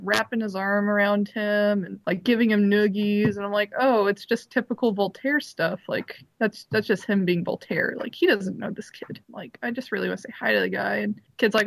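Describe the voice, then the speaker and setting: A young woman telling a story in casual chat, full of fillers and squealing high when she quotes herself. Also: vocal fry, no echo.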